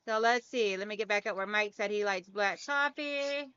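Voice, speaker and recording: Woman, friendly live stream chat, bright voice, dry slightly muffled sound. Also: medium pitch, moderate pace, clear, resonant tone, dry recording. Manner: reads viewer comments aloud and answers them chattily; friendly, calls viewers girl.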